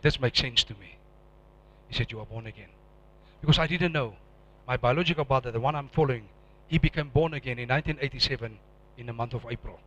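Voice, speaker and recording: Intense preacher, bright voice. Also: male voice, a little high, low-quality recording. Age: middle-aged. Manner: emotional, swings from hushed to loud and intense. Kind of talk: personal testimony sermon.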